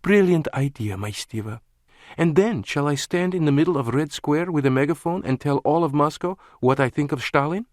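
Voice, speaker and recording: A male audiobook narrator voicing a passionate, sarcastic young Russian woman, raising his voice high for her. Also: lively intonation, moderate pace, darkish tone, dry recording, studio quality, natural voice.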